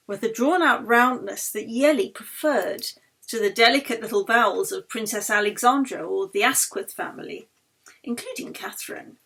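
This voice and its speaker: A woman's voice: fairly high pitch, fairly bright tone. Woman author reading her novel aloud. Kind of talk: audiobook narration.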